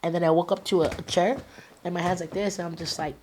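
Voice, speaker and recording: Low-voiced streetwise woman. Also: fairly even intonation, fast, a little mellow, a little hiss or hum. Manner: casual, streetwise storytelling with slang and swearing. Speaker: guest. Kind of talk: telling a personal story in an interview.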